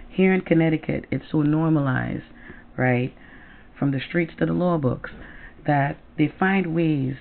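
A woman talks bluntly and heatedly, swearing freely and checking in with "right?" and "okay?" as she goes. Her voice has a gravelly edge. The audio is thin and tinny, as if over a phone line. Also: deep voice. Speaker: commentator. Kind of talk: angry political commentary.

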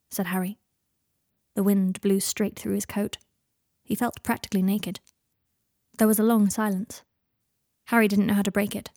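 A woman reading fan fiction aloud as an audiobook, in an even, measured narration. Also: medium pitch, creaky, no echo, studio quality.

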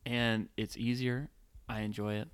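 A man's voice: medium pitch, little pitch movement, unhurried, clean tone, no room sound. A man co-hosting a casual movie chat, rambling and playful, with lots of fillers. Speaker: podcast co-host.

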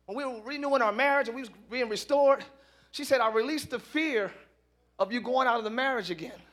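A man pastor preaching a live sermon in church, building to shouted passages and joking asides to the congregation. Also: very high-pitched.

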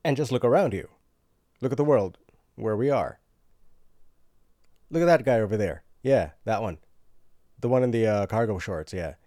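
A man delivering a sarcastic comedy monologue, swinging between loud outbursts and hushed asides. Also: on the low side, animated, normal speed, long pauses, no echo, studio quality.

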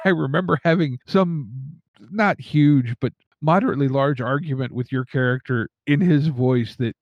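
A man co-hosting a casual chat about tabletop games, who talks thoughtfully and haltingly and chuckles between remarks. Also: medium pitch, dry recording, highs cut off. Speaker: podcast co-host.

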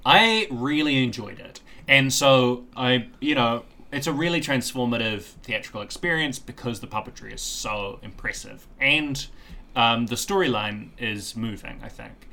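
A man's voice: mid-range voice, lively intonation, normal speed, creaky, pushed and bright. A young man co-hosting a film podcast, chatting casually and playfully, with theatrical asides to the listener. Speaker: podcast co-host. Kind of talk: casual chat.

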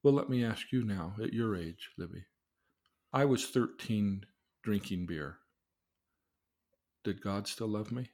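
In an earnest religious lesson drawn from his own life, a middle-aged man asks his daughter questions and acts out the voices of others. His voice is on the low side and a little mellow, unhurried, with frequent pauses.

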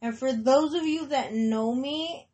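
A woman's voice: sits high, unhurried, a little mellow. A young woman casually telling a personal story, rambling with lots of swearing and filler, dropping Spanish words into her English. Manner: rambling, heavy swearing, many likes and restarts. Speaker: podcast host.

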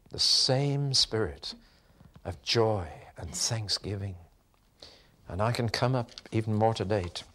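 Older man, low-pitched, earnest sermon delivery with emphatic swells and hushed drops. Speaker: preacher.

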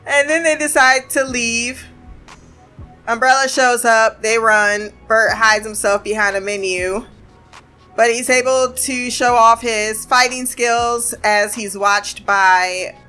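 Chatty high-voiced woman recapping a show. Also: pushed and bright. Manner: chatty, laughing, quoting characters in quick bits. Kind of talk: casual episode recap.

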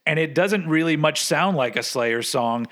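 A man's voice: on the high side, lively intonation, a bit bright. A man co-hosting a casual music podcast, rambling and restarting his sentences. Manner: rambling, halting restarts, laughs often. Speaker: podcast co-host.

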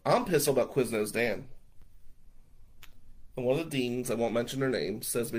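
A man, a lawyer, telling a personal story to the camera in a casual, animated way, blunt and swearing freely. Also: mid-range voice, moderate pace, long pauses, low-quality recording.

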